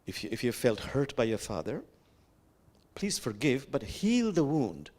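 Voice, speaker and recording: A man preaching as an imam, gentle and reflective, who slows to stress each quoted verse and speaks straight to the congregation. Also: medium pitch, very animated. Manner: reflective, quotes sacred verses slowly and with emphasis; gentle, addresses the congregation directly. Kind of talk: sermon. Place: sanctuary.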